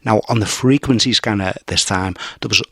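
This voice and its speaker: A man from Merseyside, England, delivers an on-location report from inside an abandoned asylum at night, covering a paranormal investigation. He sounds nervous and earnest, repeating phrases as he goes. His voice is fairly low, fairly quick, slightly rough, and somewhat bright, with no room sound.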